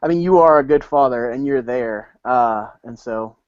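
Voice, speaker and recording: Earnest, gentle man, dry lo-fi sound. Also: mid-range voice, moderate pace, no echo. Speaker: podcast co-host, father. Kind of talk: casual podcast chat.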